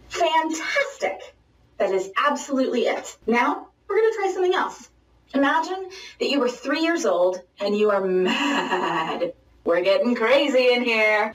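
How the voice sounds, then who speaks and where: A woman teaching singing in an online lesson, joking and direct, demonstrating calls and shouts. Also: on the high side, roomy sound, far from the mic, rough recording. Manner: playful, jokey and direct, with sung and shouted demonstrations.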